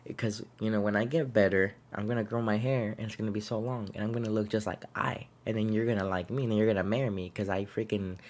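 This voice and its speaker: A man voicing a cheerful young sick girl who is lovestruck, in a bright gushing tone. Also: on the low side, steady tone, fast, hardly any pauses, lightly acted.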